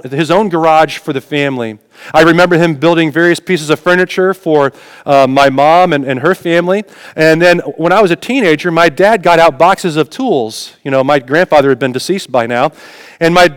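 A man's voice: fairly high pitch, smooth, dry recording, in a large hall. A man preaching a sermon in a conversational way, telling personal stories and asking the congregation questions. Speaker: pastor.

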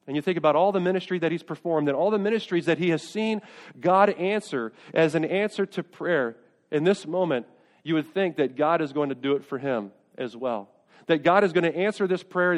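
A middle-aged man preaching a sermon as pastor, earnest and repetitive, building to pleading intensity. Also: a little high. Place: church sanctuary. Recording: long reverb of a church hall.

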